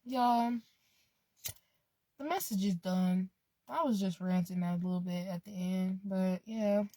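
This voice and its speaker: A woman's voice: mid-range voice, measured pace, warm tone, dry recording. Laid-back, rambling vlogger woman. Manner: laid-back, swears freely, goes off on tangents. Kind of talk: casual rambling vlog talk.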